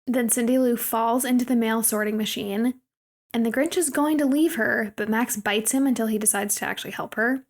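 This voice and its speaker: A woman's voice: fairly high pitch, steady tone, fairly quick. A woman co-hosting a podcast, chattily retelling a movie scene by scene. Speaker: podcast co-host. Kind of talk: casual podcast movie recap.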